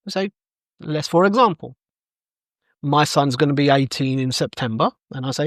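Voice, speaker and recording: A man's voice: a little high, moderate pace, no room sound, studio quality. A middle-aged man, a coach telling stories as a podcast guest and acting out the dialogue in them. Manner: animated storyteller acting out quoted dialogue. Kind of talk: conversational interview storytelling.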